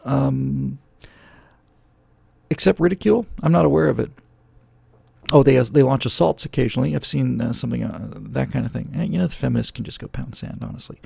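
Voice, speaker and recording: Right up against a studio mic, a middle-aged man hosting a show rants sarcastically about politics in response to viewer questions, breaking into mocking impressions. His mid-range voice is brisk, creaky and a bit mellow with a breathy edge, in a dry recording.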